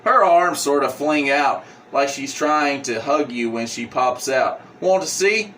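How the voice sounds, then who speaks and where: A man's voice: medium pitch, unhurried, a bit bright, distant mic, slight background noise, natural voice. A man voicing a gleeful, sadistic young male villain who gloats in a sing-song tone. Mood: gloating.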